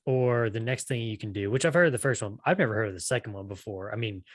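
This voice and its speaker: A man's voice: lowish voice, fast talker, no room sound, studio quality. A man co-hosting a podcast in casual chat, rambling and restarting with lots of "you know". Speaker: podcast co-host.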